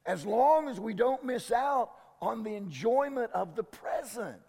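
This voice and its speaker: Slow, gravelly-voiced preaching man. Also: very high voice, animated, warm tone, in a large hall. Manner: emphatic preaching with repeated words and restarts. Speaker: pastor. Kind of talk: sermon.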